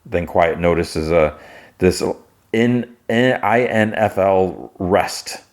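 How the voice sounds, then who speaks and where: A podcast host with a low voice takes his time as he casually recaps a show. He rambles, restarts often, and keeps saying "he's like."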